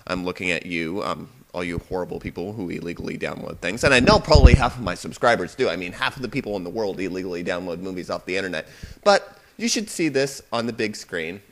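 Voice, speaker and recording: A man's voice: low voice, expressive, fast, fairly bright tone, slight background noise. A young man giving a casual, rambling movie review on his video blog. He talks from a home computer and keeps getting sidetracked. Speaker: video blogger. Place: home room at parents' computer.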